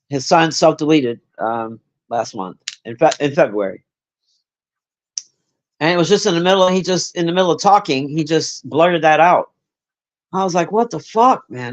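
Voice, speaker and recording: A man with a high-pitched voice streams live, chatting casually with his viewers. He swears freely and rambles with plenty of fillers, calling out people in chat by name. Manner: profane, rambling, with many fillers; talks straight to chat by name.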